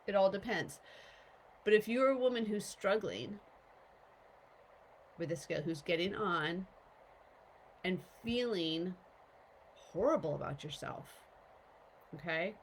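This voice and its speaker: A woman's voice: on the low side, lively intonation, takes it slowly, pauses often, a little hiss or hum, low-quality recording. A woman coach giving a casual motivational talk to viewers, often stopping to ask "okay?" and "right?".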